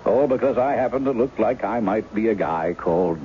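A man's voice: on the low side, animated, fairly quick, slight background noise, natural voice. An actor in his forties playing a charming writer who poses as a woman's lost husband, breezy and teasing, in 1970s radio drama style. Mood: rueful. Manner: teasing, breezy, later rueful. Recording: dull old radio broadcast with music.

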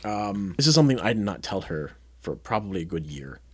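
A man co-hosting a podcast, telling a story in casual chat and acting out the quotes loudly. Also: on the low side, fairly quick, breathy edge. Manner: animated, acts out quotes loudly. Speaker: podcast co-host.

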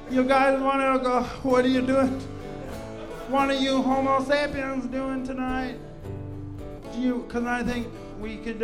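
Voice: medium pitch, poor audio. A performer voicing a friendly, rambling Neanderthal from the hills in a sing-song way, with guitar music playing.

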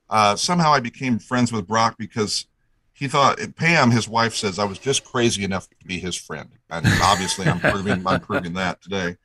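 A man's voice: lowish voice, fairly bright tone, no room sound, low-quality recording. A middle-aged man telling a long story as a guest, enthusiastic and rambling, restarting his sentences often. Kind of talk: casual storytelling chat.

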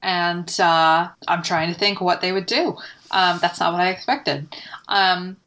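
A woman's voice: fairly low pitch, measured pace, pushed and bright. Chatty woman game master. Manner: chatty, laughing, lots of fillers. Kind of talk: casual narration of a tabletop game.

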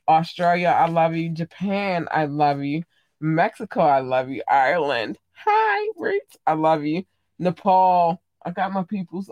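A woman's voice: sits low, dry recording, studio quality. A woman hosting a casual solo podcast, chatty and gushing. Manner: animated, gushing, playful shout-outs. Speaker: podcast host.

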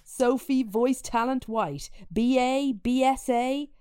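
A woman's voice: sits high, slow, mellow, clean tone, no echo, clean studio sound. A woman hosting a podcast over a remote call from a rented holiday home, chatting casually and jokingly and laughing often. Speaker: podcast host. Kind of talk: casual chat.

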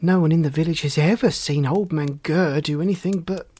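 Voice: medium pitch, a little mellow, no echo, close to an everyday voice. A storybook reader voicing Lucinda, an eager village girl who fires insistent questions. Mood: excited. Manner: rapid-fire insistent questions.

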